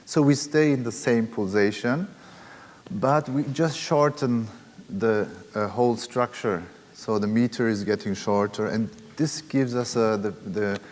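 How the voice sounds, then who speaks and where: A man's voice: on the low side, unhurried, a little mellow. A man leading a music workshop, explaining rhythm hesitantly with many fillers. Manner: hesitant, many fillers, counting beats and chanting drum syllables aloud. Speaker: workshop leader and percussionist. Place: large hall at a music academy. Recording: long hall reverb with drumming.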